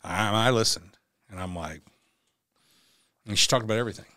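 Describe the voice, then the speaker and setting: A lowish-pitched man in his forties tells a personal story as a podcast guest. His voice is halting and often doubles back over words. The sound is close and dry, with no room echo. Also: bright, forceful tone. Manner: halting, repeats words when emotional. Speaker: podcast guest, military veteran.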